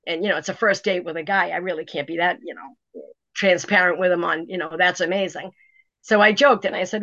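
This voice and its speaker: A middle-aged woman, telling a personal story in an interview, animated and full of "you know" fillers. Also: on the low side, a little fast, dry recording. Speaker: author guest. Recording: dry, dull lo-fi sound.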